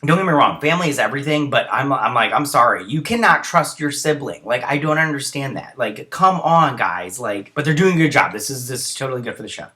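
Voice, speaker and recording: It's early morning, and a young man sounding tired hosts a casual TV episode review, rambling through the scenes with lots of fillers. His medium-pitched voice is sharp, animated, and brisk, with few pauses.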